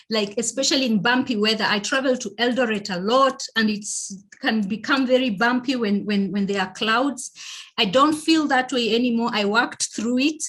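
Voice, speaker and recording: A woman's voice: on the high side, fairly bright tone. A woman with a Kenyan accent giving a motivational parenting presentation, speaking emphatically, repeating key phrases and checking in with her listeners.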